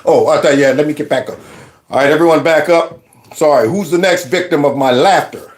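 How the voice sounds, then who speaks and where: A man's voice: on the high side, brisk, heavy background noise. A man hosting a reaction commentary, mocking what he watches and laughing often as he trash-talks. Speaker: commentary host.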